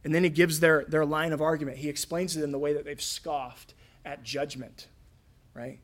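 A man's voice: on the high side, steady tone, normal speed. A man preaching a sermon in a conversational way, acting out the voices he quotes. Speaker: pastor.

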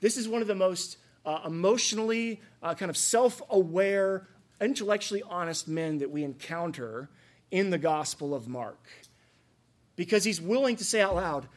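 A man's voice: high-pitched, expressive, moderate pace. A man preaching a sermon, earnest and conversational, with asides and rhetorical questions to the congregation. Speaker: pastor.

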